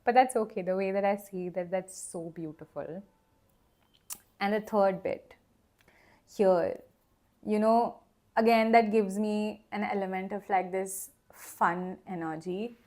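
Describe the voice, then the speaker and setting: A young woman talks through a tarot reading in a soft, unhurried, rambling way. She fills her sentences with fillers and small laughs as she thinks aloud. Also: medium pitch, steady tone. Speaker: tarot reader. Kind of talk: casual spoken tarot reading.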